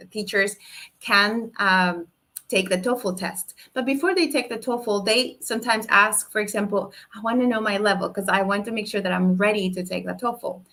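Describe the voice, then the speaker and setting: A woman lectures English teachers over a video call. She speaks at a middle pitch, explains step by step, and checks in with little "no?" and "right?" tags. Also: fairly bright tone. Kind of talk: online lecture. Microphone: video call microphone.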